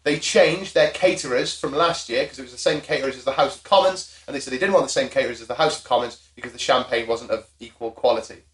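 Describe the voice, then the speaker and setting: A man of middle pitch hosts the show with sardonic, crude commentary. His voice carries a roomy echo, like a bare room. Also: fast talker, hardly any pauses, fairly bright tone. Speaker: podcast host. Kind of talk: casual chat.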